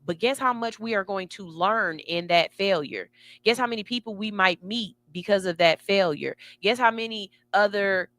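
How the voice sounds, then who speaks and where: Woman morning-radio host, motivational, sassy, bright edge to the voice. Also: medium pitch, dry recording. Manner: emphatic, sassy, building excitement. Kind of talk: motivational talk.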